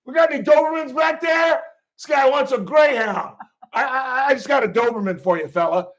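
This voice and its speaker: A man voicing a loud, brusque, middle-aged Philadelphia bartender with a Philly accent, in a high strained shout. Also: a little fast. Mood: mocking. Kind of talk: anecdote with a put-on voice.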